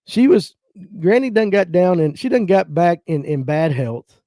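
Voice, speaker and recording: A man's voice: sits high, very animated, measured pace, dark tone, no room sound, studio quality. A man in his fifties with a North Georgia Southern accent, hosting a casual livestream chat, reading viewer comments and telling folksy family stories. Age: 50s. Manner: folksy storytelling, acts out relatives' voices. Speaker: livestream host.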